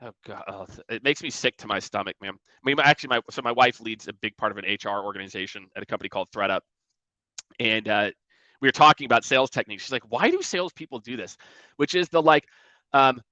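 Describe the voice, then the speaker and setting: A man giving energetic sales coaching in a conversational way, often acting out emails and calls in mocking voices. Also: medium pitch, fast, no echo, highs cut off. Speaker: sales trainer.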